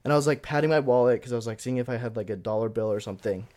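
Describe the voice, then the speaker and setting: A young man tells a story in a loose podcast chat. He leans on filler words and acts out the people he quotes with sudden loud bursts. His voice sits at an ordinary middle pitch. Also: rapid-fire. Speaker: podcast co-host.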